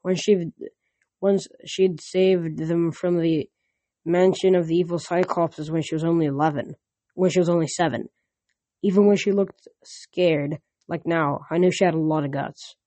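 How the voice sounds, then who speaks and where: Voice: medium pitch, steady tone, normal speed, dark tone, dry recording. A reader reading a novel aloud in first person, with frequent slips and restarts.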